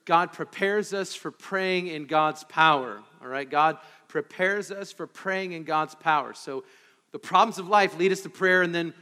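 Male pastor, high bright voice, dynamic sermon delivery, quiet asides, rhetorical questions, big church reverb. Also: a little slow, smooth. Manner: dynamic preaching, swinging between loud emphasis and hushed asides.

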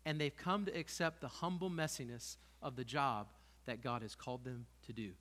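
A man's voice: mid-range voice, normal speed, a bit bright, big-room sound. A man, a pastor, preaching a sermon with passion and emphatic peaks, in a church sanctuary.

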